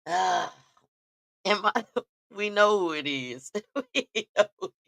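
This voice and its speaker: A woman with a medium-pitched, expressive, slightly bright voice speaks slowly with a creaky edge, recorded dry. She hosts a casual talk-show podcast, telling animated stories directly to her listeners and laughing often.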